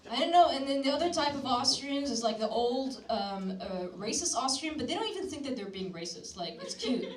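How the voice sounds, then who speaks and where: A young woman from Syria doing a crude, deadpan stand-up comedy set on a club stage, slipping into mocking put-on voices. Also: high voice, brisk. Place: comedy club stage before a live audience. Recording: roomy club sound from a distance, loud crowd laughter.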